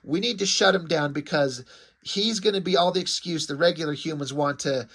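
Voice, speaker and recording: A man's voice: on the high side, a little fast, fairly bright tone. A man reading aloud the lines of a stern male superhero who tries to keep the peace, in a firm, placating tone. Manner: firm, placating read-aloud of comic dialogue.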